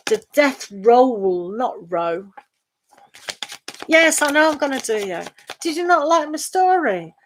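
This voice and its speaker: A woman's voice: fairly high pitch, a little hiss or hum. Chatty woman reading tarot. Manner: chatty and rambling, with frequent laughs. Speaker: tarot reader. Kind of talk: casual live-stream chat.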